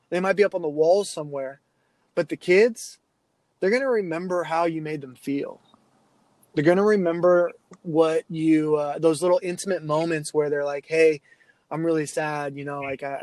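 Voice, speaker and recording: Male coach guest, fairly high voice, lively anecdote-teller. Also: dry recording, rough recording. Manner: animated anecdotes, acts out quoted kids. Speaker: youth sports coach, podcast guest. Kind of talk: storytelling in a casual interview.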